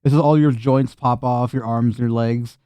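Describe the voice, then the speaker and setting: A man's voice: medium pitch, fairly even intonation, normal speed, warm tone, clean tone, no room sound. A man narrating as game master of a tabletop game, laughing often and swearing freely as he plays out the scene.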